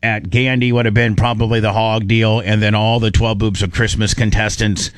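A man hosting a talk show, telling rowdy old stories in a rambling, animated way, often stumbling and repeating words. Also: on the low side, normal speed, no echo. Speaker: radio show host. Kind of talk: casual storytelling chat.

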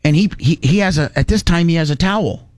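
A man's voice: fairly high pitch, fast talker, darkish tone, no echo. A middle-aged man from Indiana telling a long casual story, rambling with many restarts and salty words.

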